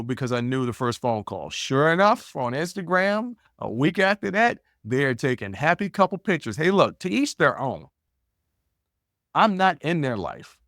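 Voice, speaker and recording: A man's voice: a little high, very animated, normal speed, a bit bright, no room sound, clean studio sound. A man hosting a podcast, telling stories in a blunt, casual way and often repeating words as he thinks. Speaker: podcast host. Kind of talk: casual storytelling monologue.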